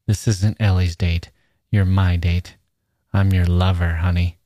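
A man reading the part of a menacing, smooth-talking male stalker, coaxing in a casual drawl full of slang. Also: low-pitched, level tone, a little slow, dark tone, no echo, studio quality.

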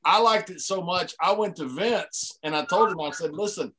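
A middle-aged host joking through a relaxed conversation, his voice a little high for a man. A faint hiss of noise sits under the recording. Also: normal speed. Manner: joking, teasing banter. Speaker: podcast host, former wrestler. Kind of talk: casual chat.

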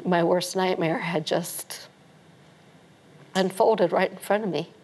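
A middle-aged woman being interviewed, telling her story in a halting way with frequent restarts. Her voice sits fairly low for a woman. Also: a little mellow, slightly rough. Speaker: interview guest. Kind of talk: emotional recounting in a TV interview.

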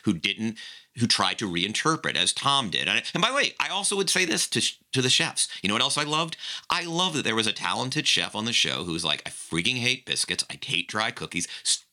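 A man co-hosting a podcast, recapping a show in animated casual chat full of "like". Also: medium pitch, a little fast. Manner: animated, peppered with "like". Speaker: podcast co-host.

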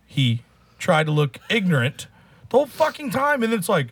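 A man's voice: high-pitched, very animated, moderate pace, husky. A man co-hosting a casual chat, ranting with heavy swearing. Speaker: podcast co-host.

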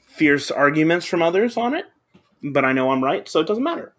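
A man's voice: a little high, very animated, fairly quick, a bit bright. Chatty man telling a rambling story. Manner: rambling anecdote-telling, heavy on fillers and swearing. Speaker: podcast co-host. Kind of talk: casual chat.

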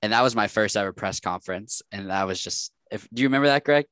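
A young man, a sports reporter, telling stories in a casual chat, animated and laughing often. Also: on the low side, fast talker, smooth, no echo.

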